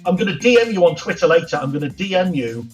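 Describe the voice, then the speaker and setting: A man's voice: high-pitched, fast, soft background music, poor audio. A middle-aged man hosting a mock phone-in quiz with camp, teasing, theatrical banter. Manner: animated, teasing, exclaims loudly.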